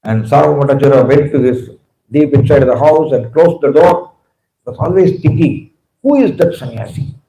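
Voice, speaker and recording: A man telling a sacred story as a sermon, animated and moving between raised and hushed tones. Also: mid-range voice, brisk. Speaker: preacher. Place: temple hall. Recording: echoey hall.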